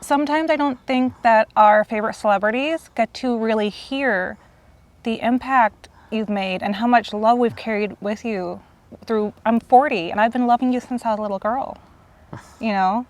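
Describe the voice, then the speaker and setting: A woman's voice: on the high side, moderate pace. Earnest, emotional woman in her forties. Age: 40s. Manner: earnest, gushing, near tears. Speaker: host. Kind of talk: emotional fan tribute.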